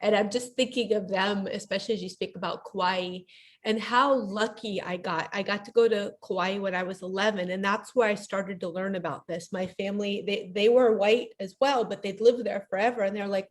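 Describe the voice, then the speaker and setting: A tearful woman on a video call gives closing remarks while crying. Her speech is halting and full of restarts. Her voice sits at an ordinary middle pitch. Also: fairly even intonation. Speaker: co-host of a webinar series.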